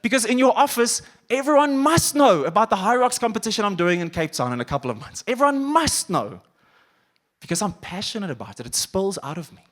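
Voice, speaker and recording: A man preaching a sermon as pastor, animated, acting out quoted voices and dropping to quiet intensity. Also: high voice, fast talker, hardly any pauses. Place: church auditorium.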